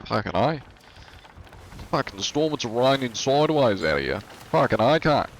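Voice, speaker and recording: A man's voice: mid-range voice, very animated, a little slow, a little hiss or hum. A man doing a rowdy Australian bloke with an Australian accent who swears constantly.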